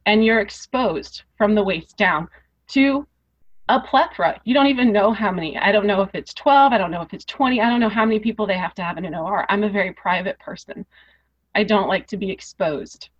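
This podcast guest is a woman with a medium-pitched voice who talks briskly while recounting her personal story in an interview. Her delivery grows more intense, emotional and earnest, with repeated phrases for emphasis, all captured in dull lo-fi sound.

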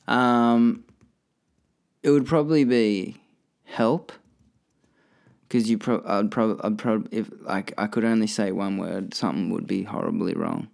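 An Australian man talks through listener questions on his podcast, loose and profane. His voice sits on the low side, and his words often break into a gravelly fry. He wanders off topic and corrects himself as he goes. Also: measured pace, long pauses, a little mellow. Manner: rambling and profane, self-correcting. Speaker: podcast host. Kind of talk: casual podcast chat answering listener questions.

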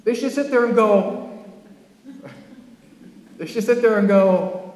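High-voiced man preaching in an echoey hall. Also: slow pace, pauses often. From California. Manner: animated preaching with sudden emphatic rises. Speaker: pastor. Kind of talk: sermon. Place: church sanctuary.

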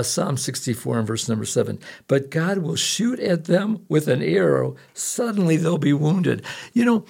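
Gravelly-voiced pastor preaching earnestly. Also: male voice, medium pitch, a little mellow. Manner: earnest storytelling, lifts into fervent prayer. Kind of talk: sermon with prayer.

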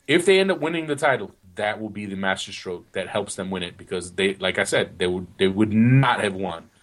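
A man's voice: fairly low pitch, lively intonation, brisk. A man co-hosting a casual soccer podcast, rambling with frequent restarts and "you know what?" asides. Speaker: podcast co-host.

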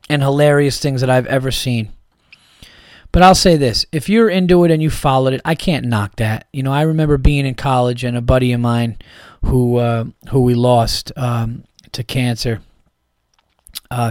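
A man's voice: a little high, no echo, studio quality. A man hosting a podcast in a casual comedic monologue, rambling and profane with lots of restarts. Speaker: podcast host.

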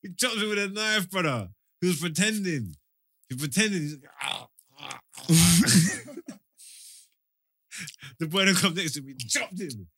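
A young man telling a story in casual chat, animated and slangy, often laughing and acting out quotes. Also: high voice, measured pace, long pauses, no echo, studio quality.

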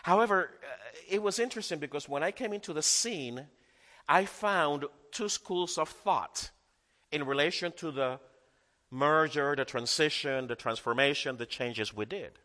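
A man's voice: on the high side, normal speed, pushed and bright, long reverb tail. A male pastor preaching a sermon, emphatic and repeating key phrases for effect.

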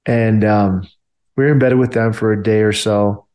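A man's voice: fairly low pitch, fairly even intonation, normal speed, darkish tone. A man and army veteran telling a story casually, filling his talk with "like" and "you know". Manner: loose, filler-heavy talk with many "like" and "you know".

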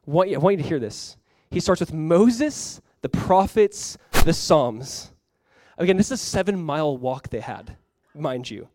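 A young man with a notably high voice preaches with animated, casual energy, talking to his congregation as if chatting with friends. The sound is dry and close, with almost no room around it. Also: moderate pace, no room sound. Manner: animated, conversational preaching with frequent "like". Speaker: pastor. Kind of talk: sermon.

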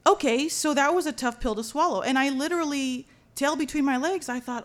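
A woman from Los Angeles telling a personal story as a lively, dramatic monologue, mixing in Spanish slang. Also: sits high, fairly quick, hardly any pauses. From Los Angeles, USA.

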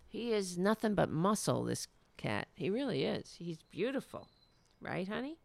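A woman's voice: sing-song, normal speed, vocal fry. A woman podcast host chatting casually and signing off her show. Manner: coaxing her cat in a soft high voice, then upbeat sign-off. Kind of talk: casual livestream sign-off.

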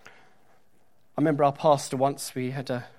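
A man's voice: medium pitch, little pitch movement, normal speed, a little mellow. A middle-aged man preaching a sermon in a church, talking conversationally with joking asides and reading scripture aloud with emphasis.

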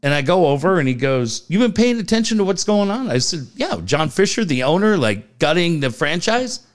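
Lively middle-aged man telling stories. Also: on the high side, a little fast. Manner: animated storyteller acting out dialogue, swears freely. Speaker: podcast co-host. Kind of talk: casual chat.

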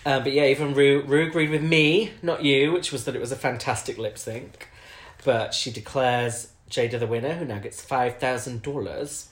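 A man's voice: medium pitch, moderate pace. Chatty man in a roomy echo. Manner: chatty, teasing, laughs often. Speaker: podcast co-host. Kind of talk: casual chat.

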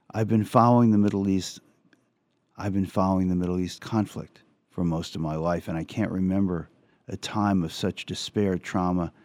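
Gravelly low-voiced male radio host. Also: darkish tone, no room sound. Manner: earnest, measured, with halting restarts. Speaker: radio talk show host. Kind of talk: reading an op-ed aloud with commentary. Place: radio studio.

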